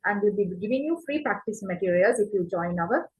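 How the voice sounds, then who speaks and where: A middle-aged woman, an English test tutor, making a promotional pitch for her classes, filling pauses with 'like' and 'uh' and speeding through some phrases. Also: lively intonation, a little mellow, poor audio. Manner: hesitant, lots of 'like' and 'uh', quick bursts.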